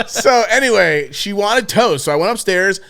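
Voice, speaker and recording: A man's voice: extremely high pitch, gravelly, bright, forceful tone, slight background noise. A young man hosting a podcast, telling a crude story in a casual, rambling way with lots of swearing and fillers. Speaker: podcast host.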